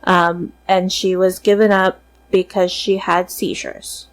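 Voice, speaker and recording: A woman's voice: on the low side, little pitch movement, slow, low-quality recording. A woman co-hosting a podcast, telling a family pet story in casual chat, swearing freely with lots of ums. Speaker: podcast co-host.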